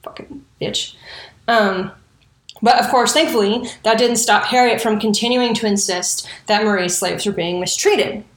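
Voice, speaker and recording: A woman's voice: a little high, steady tone, moderate pace, hardly any pauses, reverberant. A woman telling a history story in a casual, profane way, with indignant and sarcastic asides. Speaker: true crime storyteller.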